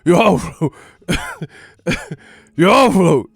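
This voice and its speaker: A man putting on a giddy, high-strung man who keeps begging in a strained, breathy squeal. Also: big pitch swings, very slow, no echo, studio quality, exaggerated voice. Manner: repetitive, giddy pleading.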